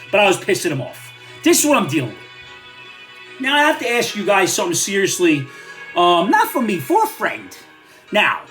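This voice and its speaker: Animated, blunt older man ranting. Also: very high-pitched. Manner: blunt, opinionated, sarcastic. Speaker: vlogger. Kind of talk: ranting commentary vlog.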